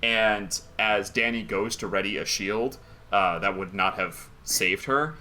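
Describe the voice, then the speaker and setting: Game master guy, lowish voice, bright and punchy, rambles, faint music. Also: unhurried. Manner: rambling, self-interrupting. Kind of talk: narrating a tabletop game.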